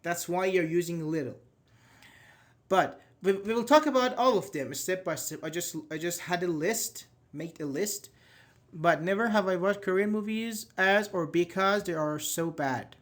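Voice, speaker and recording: A man with a somewhat high voice teaches English grammar in a live class. He works through example sentences step by step, often restarting his phrases as he explains. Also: normal speed, a bit bright.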